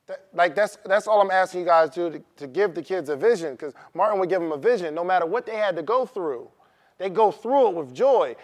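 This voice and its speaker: Guy with a high voice doing a motivational talk, keeps asking the room questions. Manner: conversational, asks the audience questions, repeats key phrases. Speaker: motivational speaker. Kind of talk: live talk to an audience. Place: room with an audience.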